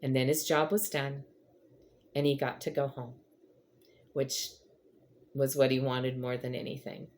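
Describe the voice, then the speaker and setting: A woman's voice: rumbling low, level tone, measured pace, long pauses, darkish tone, slight background noise. A middle-aged woman hosting her own channel, telling a personal faith story to her viewers in an earnest, emotional way. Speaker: vlog host.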